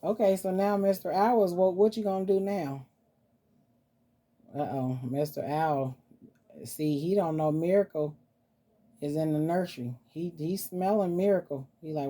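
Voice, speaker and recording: A woman's voice: lowish voice, a little slow, dark tone. A woman vlogger chatting casually and cooing to her dolls as she shows them off. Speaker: vlogger showing reborn dolls. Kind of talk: casual vlog chat.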